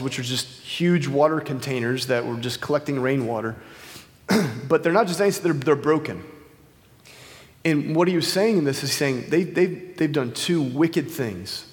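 Using a wireless microphone, a man delivers an informal, conversational sermon full of fillers and restarts, at medium pitch and a moderate pace. Long hall reverb surrounds his voice.

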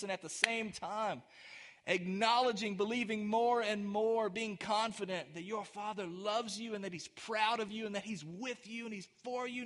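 A pastor delivers a sermon in a high-pitched male voice. He talks to the congregation in an easy, conversational way, asking them questions along the way. Then he climbs into emphatic, rising declarations. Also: a bit bright. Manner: dynamic preaching, rising to emphatic peaks.

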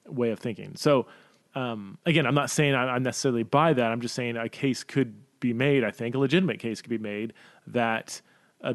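A man's voice: medium pitch, no room sound, clean studio sound. A man hosting a Q&A podcast, thinking aloud with lots of fillers and restarts and stumbling over words. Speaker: podcast host. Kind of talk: casual Q&A podcast talk.

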